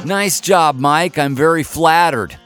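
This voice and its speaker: A man hosting a comedy show, announcing results in a deadpan, mock-serious way. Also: a little high, takes it slowly, loud music behind the voice. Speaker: podcast host.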